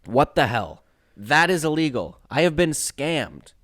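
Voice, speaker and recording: A man's voice: a little high, big pitch swings, unhurried, a bit bright. A man co-hosting a podcast, ranting in casual chat and repeating points for emphasis. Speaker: podcast co-host.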